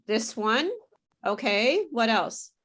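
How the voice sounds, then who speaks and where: A woman teaching an English pronunciation class, modelling words slowly and patiently for students to repeat. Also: a little high, lively intonation, fairly bright tone. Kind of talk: online group pronunciation class.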